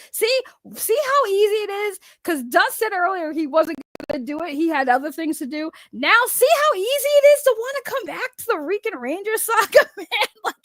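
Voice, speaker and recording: A woman with a Boston accent hosting a casual livestream, loud and laughing, swearing as she talks to her chat. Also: very high-pitched, no echo, studio quality. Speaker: livestream host.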